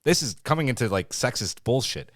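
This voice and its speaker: A man co-hosting a review podcast, talking in a loose, heated way and swearing often. His pitch swings widely as he gets worked up. The sound is dry and close, with no room echo. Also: a little fast. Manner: animated, swears freely, ranting. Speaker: podcast co-host. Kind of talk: casual review chat.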